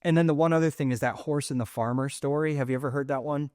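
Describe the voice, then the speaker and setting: A man's voice: mid-range voice, steady tone, fast, darkish tone, no room sound. Rambling middle-aged man, dry close sound. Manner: rambling, searching for words with many fillers and restarts. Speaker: podcast host. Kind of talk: casual conversational interview.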